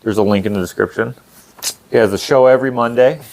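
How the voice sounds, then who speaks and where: A young man co-hosting a relaxed chat show, telling stories in a loose, rambling way. He laughs often between his thoughts and speaks at an even, middling pitch. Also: fast talker, vocal fry. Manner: rambling, laughs often, drops into playful impressions. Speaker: podcast co-host. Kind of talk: casual chat.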